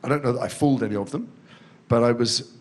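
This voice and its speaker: A man's voice: mid-range voice, quick pace. A middle-aged man from England, a guest actor telling rambling self-deprecating stories in an interview on a festival stage. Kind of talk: in-depth interview conversation. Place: festival stage before a student audience.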